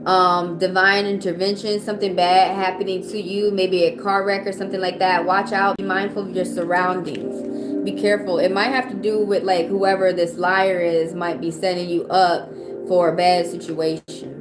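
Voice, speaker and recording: A woman's voice: on the low side, flat delivery, normal speed, music in the background. A woman with a Southern accent giving casual livestream tarot readings, chatty and loose, swearing now and then. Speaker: tarot reader.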